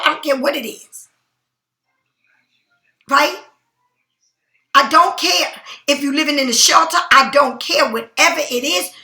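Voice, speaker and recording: A woman's voice: high-pitched, sharp tone, reverberant. A middle-aged woman tarot reader speaking bluntly and emphatically to her viewers in a spontaneous monologue.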